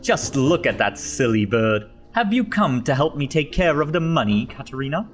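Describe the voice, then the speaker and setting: A man's voice: mid-range voice, animated, normal speed, a little hiss or hum, pitched above the performer's own voice, natural voice. A man doing a grumbling bank manager. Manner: grumbling, dismissive. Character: fussy male bank manager, middle-aged.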